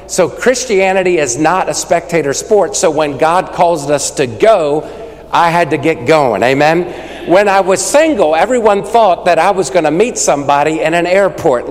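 Rapid-fire male preacher in a hall. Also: a little high. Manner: rapid-fire, call-and-response with the crowd. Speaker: evangelist preacher. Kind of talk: sermon.

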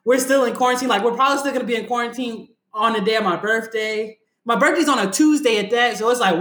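A man's voice: sits high, fairly bright tone. A man in his twenties co-hosting a casual podcast, slangy and rambling, often laughing. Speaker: podcast co-host. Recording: echoey room.

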